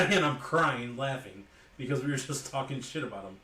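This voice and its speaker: A man's voice: mid-range voice, lively intonation, a little fast, bright, forceful tone, echoey room, distant mic. A man hosting a live sports card break, calling out each card as he opens packs and chatting with viewers by name. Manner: calls out cards as he opens packs, jokes and talks to viewers by name.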